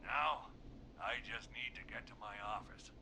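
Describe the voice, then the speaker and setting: An actor playing a nervous man who hides from a killer, hesitant and halting in a video game. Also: medium pitch, gravelly, background noise. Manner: hesitant, lots of uhs. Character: jittery man hiding from a killer.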